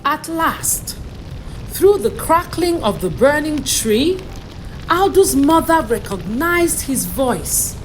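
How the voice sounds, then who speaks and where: A woman reads a folktale storybook at a slow, deliberate pace. Her voice sits high and moves widely in pitch. Soft music runs underneath. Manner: slow, expressive reading. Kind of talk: bedtime storybook narration.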